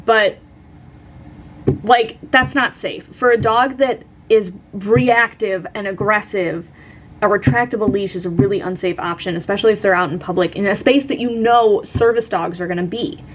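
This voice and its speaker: A woman's voice: mid-range voice, normal speed. A young woman vlogger casually telling a story, chatty and full of "like" and "um". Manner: chatty, lots of "like" and "um".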